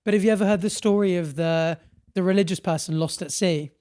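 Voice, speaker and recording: Lively high-voiced British man telling stories. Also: fairly quick, smooth. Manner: animated, acts out voices in anecdotes, laughs often. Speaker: podcast co-host. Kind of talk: casual chat and storytelling.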